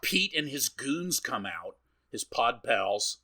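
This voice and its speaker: A man co-hosting a podcast walks through a film scene by scene, his bright voice swinging up and down as he acts out the characters. He talks casually and swears freely. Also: mid-range voice, slow pace. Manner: animated, swearing, acting out characters' lines. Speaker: podcast co-host. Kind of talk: casual chat recapping a film.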